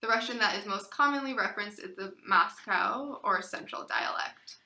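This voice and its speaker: A woman's voice: medium pitch, normal speed, creaky, pushed and bright, roomy sound, low-quality recording. A woman giving a read-aloud class presentation, reading from notes with some fillers and repeated phrases. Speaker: student presenter.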